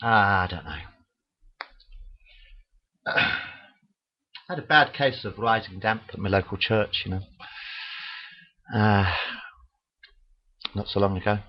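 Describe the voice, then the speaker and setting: A man's voice: lowish voice, takes it slowly, long pauses. A man telling crude jokes in a rambling, casual monologue into a webcam, full of "uh" fillers. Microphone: webcam mic. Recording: dull lo-fi webcam audio.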